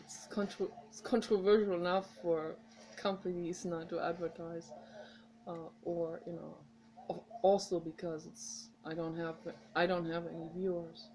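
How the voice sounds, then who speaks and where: A woman's voice: on the low side, little pitch movement, unhurried, warm tone, slight background noise, low-quality recording. A woman with a mother tongue, talking straight to her viewers in a rambling, heartfelt, encouraging way. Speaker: vlogger. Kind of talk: casual direct-to-camera monologue.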